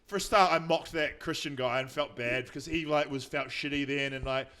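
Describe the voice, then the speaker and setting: Fast-talking New Zealand man telling stories. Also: medium pitch, bright, forceful tone. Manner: rambling anecdotes with mocking quoted voices. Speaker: podcast guest, comedian. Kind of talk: casual chat, storytelling.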